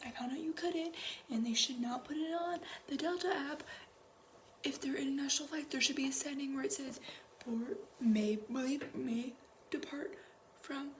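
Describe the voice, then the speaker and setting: A woman's voice: sits high, slight background noise. A teenage girl vlogging a casual storytime, rambling with lots of swearing and restarts. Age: teens. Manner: rambling, swears a lot, many restarts and fillers.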